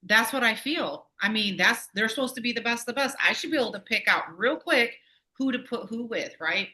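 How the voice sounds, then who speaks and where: A woman guest, a Navy veteran and former store manager, talking in a casual podcast conversation in an animated, emotional, in-your-face way. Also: a little high, brisk.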